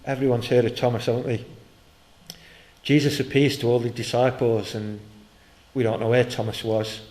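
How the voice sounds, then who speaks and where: A man preaching a sermon. He retells the story with energy, asks his listeners questions, and rises in pitch and volume at the exciting parts. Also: low-quality recording. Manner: storytelling, growing loud and high when excited.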